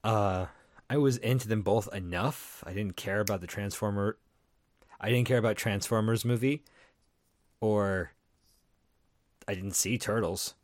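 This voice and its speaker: A man's voice: on the low side, measured pace, pauses often, no echo. A man co-hosting a podcast who chats casually and throws in short, dry teasing quips. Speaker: podcast co-host. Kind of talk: casual chat.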